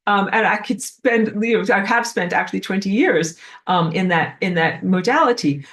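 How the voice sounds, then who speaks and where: A woman giving a spiritual class lecture in an animated way, filled with frequent "like". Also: medium pitch, normal speed. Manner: animated, acts out quoted voices, frequent "like". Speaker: spiritual teacher.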